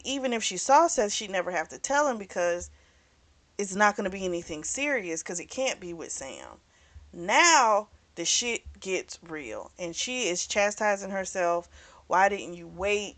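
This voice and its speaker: A woman talking through a book's plot like she's catching up with a friend. Her pitch sits right in the middle, neither high nor low, and she tells it in an animated, conversational way, leaning on "you know" as she goes. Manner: chatty, animated storytelling with frequent "you know". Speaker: book club host reviewing a novel. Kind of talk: casual plot recap.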